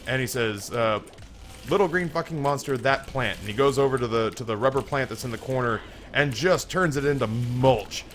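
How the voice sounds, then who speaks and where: A man chats casually while playing a video game, his voice at an ordinary middle pitch. He rambles, restarting phrases often as he spins a long story. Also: fairly quick, few pauses, a bit bright, a little hiss or hum. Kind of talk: casual gameplay commentary and joke telling.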